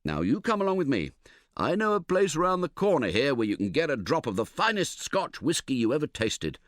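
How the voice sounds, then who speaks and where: Guy doing a cheery drinking buddy, chummy and reassuring, low-key storybook voice. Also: big pitch swings, a little fast, no room sound, clean studio sound. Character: cheery adult man, always knows a pub.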